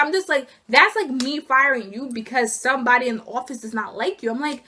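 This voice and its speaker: A young woman vlogger telling an indignant, animated story about being fired, acting out each side of the conversation. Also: sits high, fast talker, few pauses. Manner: indignant, animated retelling with acted quotes. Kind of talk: casual storytime rant.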